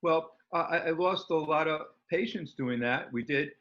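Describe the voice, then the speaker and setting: Male guest, slightly high voice, rambling and keen, muffled lo-fi sound. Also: unhurried, fairly bright tone. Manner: rambling and enthusiastic, many fillers. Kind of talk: casual interview talk. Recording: dull lo-fi recording.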